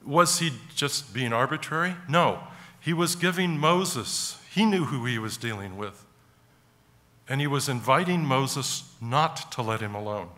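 A man delivers a sermon in a church, his voice bright and forceful. He tells stories earnestly, in short phrases with pauses between them. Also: mid-range voice, lively intonation. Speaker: preacher.

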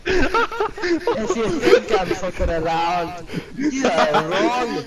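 A man's voice: very high-pitched, huge pitch swings, voice pushed up, heavily acted. A man putting on the voice of a cocky, challenging male staff member in gaming banter. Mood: mock threat. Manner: slow, drawn-out taunts. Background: video game crowd noise.

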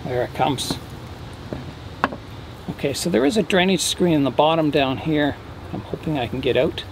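A man casually explaining his bonsai work as he goes, relaxed and thinking aloud with a few fillers. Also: a little high, normal speed, creaky, noisy background. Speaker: bonsai hobbyist vlogger. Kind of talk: casual how-to narration.

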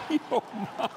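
A man's voice: extremely high pitch, vocal fry, very noisy. A man preaching a humorous, folksy sermon as guest preacher at a convention, on a stage microphone. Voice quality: folksy, joking, storytelling delivery. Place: large convention hall stage.

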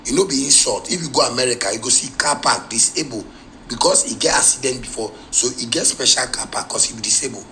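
A man with a Ghanaian Pidgin English accent, a musician ranting heatedly in a live video and bursting into shouts. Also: medium pitch, quick pace, slight background noise, poor audio.

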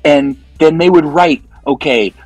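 A man, a guest musician, chatting casually in an interview and telling animated stories in a loose, profane way. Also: fairly high pitch, unhurried, dry recording, faint music behind, rough recording.

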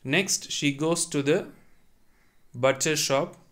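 A man's voice: a little high, steady tone, a bit bright. A man teaching a French lesson, reading sentences and then translating and repeating them patiently. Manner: slow and deliberate, repeats and explains each line. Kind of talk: online language lesson.

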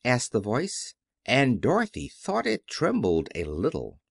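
A man narrating a children's audiobook in an expressive, animated reading. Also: mid-range voice, measured pace, vocal fry, hardly any pauses, no room sound, clean studio sound.

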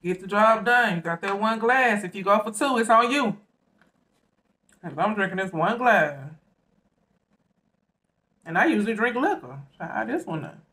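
A woman's voice: mid-range voice, moderate pace, long pauses. A woman from the Southern US with a Southern accent, hosting an eating show and chatting casually between bites. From Southern United States. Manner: relaxed and chatty, talks between bites, says "y'all" often. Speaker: mukbang host.

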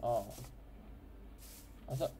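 A man's voice: drawn-out words, mellow, a little hiss or hum, rough recording. A man giving casual, rambling game commentary as host, often correcting himself mid-sentence. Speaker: gameplay host.

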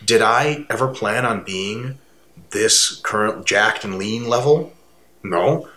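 A man co-hosting a casual fitness talk, speaking emphatically and building his voice up high when he makes a point. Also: takes it slowly. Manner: animated, emphatic, swings to rising pitch when making a point. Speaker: fitness coach and co-host. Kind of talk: casual conversation. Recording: roomy echo.

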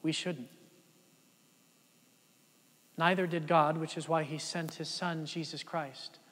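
A man preaching a sermon in a high voice, building to loud, emphatic peaks and then dropping to soft, low passages. His voice rings out with the long reverb of a church sanctuary. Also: steady tone, moderate pace, slightly rough. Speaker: pastor.

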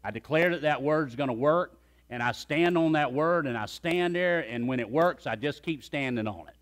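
Emphatic pastor preaching. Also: male voice, on the high side, normal speed. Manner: emphatic, calls on the congregation to repeat after him. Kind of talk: sermon.

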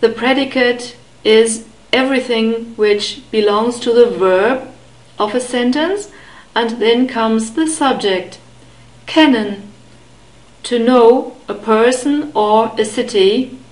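A woman teaches pronunciation at a very slow, unhurried pace, her voice a little on the high side. She enunciates each word carefully and repeats it for the listener. The sound is roomy, with a noticeable echo around her. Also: darkish tone. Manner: careful, deliberate enunciation with repeated model words. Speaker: language teacher.

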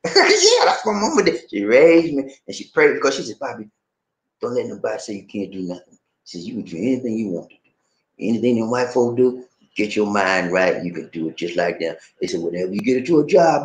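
Lively retired man chatting in an echoey room. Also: mid-range voice. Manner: animated, laughing, folksy slang. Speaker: vlog host reading live chat. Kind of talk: casual livestream chat.

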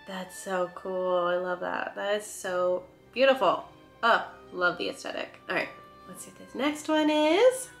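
A woman's voice: medium pitch, a little slow. A woman hosting a casual reaction video, gushing and gasping with delight at each clip. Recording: echoey room with faint music.

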